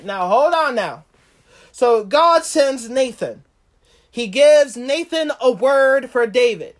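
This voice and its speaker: A woman's voice: sits high, lively intonation, slow. A woman preaching a sermon, reading scripture and questioning her listeners before building to fervent, rising proclamations.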